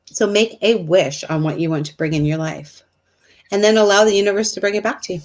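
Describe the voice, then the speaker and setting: A woman's voice: medium pitch, brisk. A woman co-hosting a live online chat, upbeat and enthusiastic with casual slang. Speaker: co-host.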